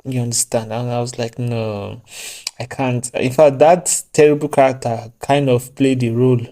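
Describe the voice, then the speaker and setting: A man talks straight to his viewers in a relaxed advice vlog. His voice is mellow and warm, mid-pitched, and he keeps breaking into joking asides and laughing at himself. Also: a little fast. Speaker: vlogger.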